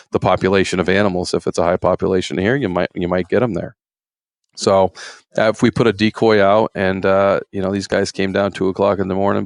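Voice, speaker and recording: Gravelly low-voiced retired game warden. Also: male voice, no echo. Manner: folksy, rambling, acts out quotes in raised voices. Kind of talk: casual storytelling interview.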